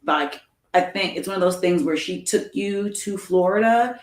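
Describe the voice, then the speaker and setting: A woman in a casual book club discussion, telling animated stories from her upbringing. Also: on the low side, moderate pace. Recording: echoey room.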